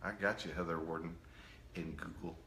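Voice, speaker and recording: A man's voice: deep voice, fairly even intonation, moderate pace, creaky, a bit bright, echoey room, a little hiss or hum. A man giving a casual live-stream lecture, joking with the chat and tagging his points with "right?". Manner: jokey, peppers points with "right?". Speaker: presenter of a live online talk.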